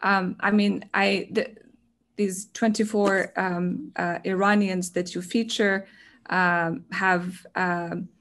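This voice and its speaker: A woman's voice: medium pitch, little pitch movement, takes it slowly, a bit bright. A woman interviewer asking an author about her book, hesitant and full of fillers. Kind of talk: interview questions.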